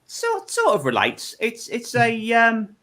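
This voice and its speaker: A man's voice: very high-pitched, wildly swooping pitch, measured pace, sharp tone. A man hosting a live online comedy panel show, teasing the panel and poking fun at himself, often repeating his words.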